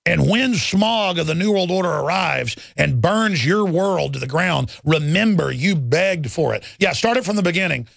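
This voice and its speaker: A man's voice: a little high, animated, normal speed, creaky, hardly any pauses, a bit bright, no echo. A man hosting a radio talk show, ranting intensely about the government and taking calls.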